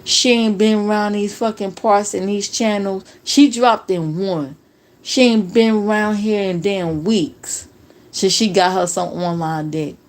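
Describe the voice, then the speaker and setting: Sassy, profane woman streamer from Jersey. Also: fairly low pitch. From New Jersey. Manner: profane, sassy, sarcastic, talking straight to viewers. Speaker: livestream reaction host. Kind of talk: casual livestream commentary.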